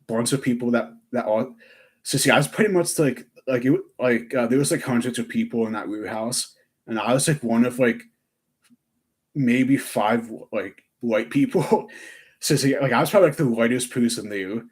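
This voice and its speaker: A man's voice: medium pitch, moderate pace. A young man chatting on a live stream, rambling with lots of fillers and restarts. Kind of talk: casual live-stream chat.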